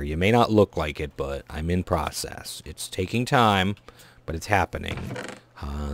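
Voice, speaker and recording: Deep voiced guy chatting over his gameplay, mumbles counts under his breath, gets all excited. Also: a little hiss or hum. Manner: mutters to himself, counts items under breath, excited outbursts. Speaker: Let's Play host. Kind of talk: casual gameplay commentary.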